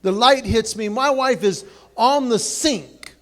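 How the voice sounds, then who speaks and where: A man's voice: extremely high pitch, takes it slowly, fairly bright tone. A man giving a humorous after-dinner speech at a banquet, telling folksy stories with comic asides. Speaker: banquet speaker.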